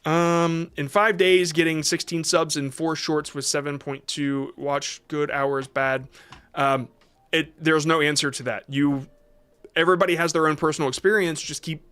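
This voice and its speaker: A man's voice: on the high side, fairly even intonation, normal speed, a bit bright, smooth. A man hosting a casual livestream, reading chat questions aloud and answering off the cuff with many fillers and restarts. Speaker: livestream host reviewing shorts.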